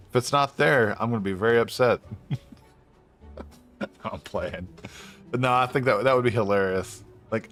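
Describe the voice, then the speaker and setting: A young man streams a game with faint game music behind him, commenting casually as he plays. His voice is on the low side with a fairly bright tone, and he laughs often, swears and rambles loosely.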